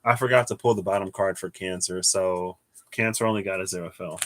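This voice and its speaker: A man giving a casual livestream tarot reading, thinking aloud in a rambling way with restarts and soft chuckles. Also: low voice, steady tone, a little fast. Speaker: tarot reader.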